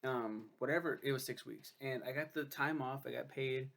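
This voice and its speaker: A man's voice: medium pitch, normal speed, gravelly, a bit bright. A young man reviewing a friend's book in a casual vlog, rambling, cursing freely and poking fun at himself. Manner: rambling, profane, self-deprecating.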